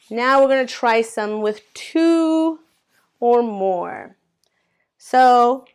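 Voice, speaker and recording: A woman teaching English grammar to learners, patiently spelling out letters and sounds one by one. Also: fairly high pitch. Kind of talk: slow classroom grammar explanation.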